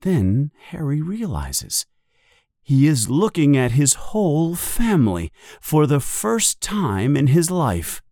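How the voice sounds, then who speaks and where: A man narrating a children's story in a slow, deliberate, expressive way. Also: on the high side, dry recording, studio quality. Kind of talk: storybook reading.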